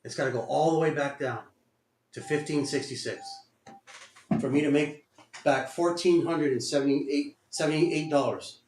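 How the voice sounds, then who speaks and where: A man's voice: on the high side, moderate pace, a little mellow, a little hiss or hum. A man giving live commentary on his own day trades, muttering, cursing and repeating himself in frustration. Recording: roomy echo.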